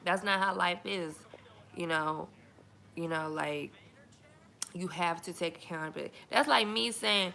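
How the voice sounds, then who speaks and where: A woman's voice: on the low side, a little slow, gravelly, pauses often, sharp tone. A young woman, chatting candidly and emphatically to camera as a single mom. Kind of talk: casual chat to camera.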